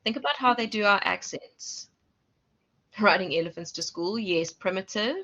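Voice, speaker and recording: A woman's voice: mid-range voice, normal speed, pushed and bright. A South African woman lecturer giving an online class, chatty and self-correcting, asking her students questions. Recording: muffled lo-fi audio.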